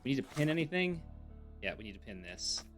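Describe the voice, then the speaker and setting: A man streaming a video game live, thinking aloud and gently mocking himself. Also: mid-range voice, very animated, a little fast, music in the background.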